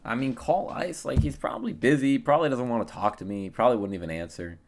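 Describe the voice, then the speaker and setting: A young man streaming and chatting casually, rambling and trailing off into quiet mumbles. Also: mid-range voice, fast, gravelly. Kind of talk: casual live-stream chat.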